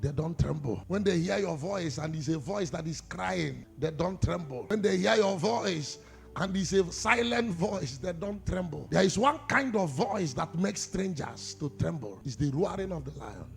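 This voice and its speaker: Nigerian preacher, quiet murmurs to shouts. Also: male voice, gravelly. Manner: swings from low murmurs to shouting, calls for responses. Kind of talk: sermon.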